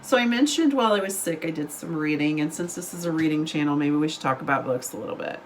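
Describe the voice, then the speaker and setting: A woman's voice: low-pitched, fast talker, a little hiss or hum, low-quality recording. A woman, a book vlogger chatting casually to camera over coffee, rambling and giggling, still getting over an illness. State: recovering from illness.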